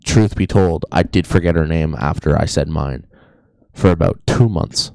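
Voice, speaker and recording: A man's voice: a bass voice, moderate pace, vocal fry, darkish tone, smooth, no echo. A young man co-hosting a podcast, telling a rambling story in a casual, joking way. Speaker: podcast co-host. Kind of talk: casual chat.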